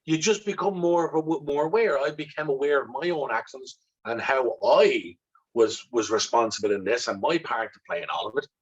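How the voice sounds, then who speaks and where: A man's voice: mid-range voice, moderate pace, slightly rough, highs cut off. An Irish man, a guest in an interview, tells a personal story with intensity, swearing freely and acting out remembered dialogue. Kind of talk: candid conversational storytelling.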